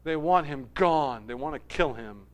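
Male pastor, high smooth voice, emphatic sermon delivery with big loud-to-quiet swings. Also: expressive, normal speed.

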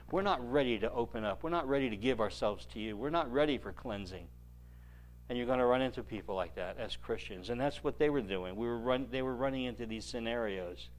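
A man preaching a sermon, retelling scripture in an animated storytelling way with dry joking asides. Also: on the low side.

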